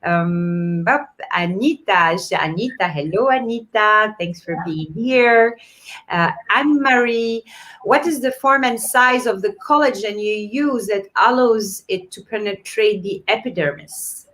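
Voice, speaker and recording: A woman's voice: mid-range voice, a little slow. A woman with a non-native English accent, hosting a live online event and reading out viewer comments with many fillers. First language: not English. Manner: warm encouraging, reads viewer comments aloud with fillers. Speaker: host. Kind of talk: live-streamed event chat.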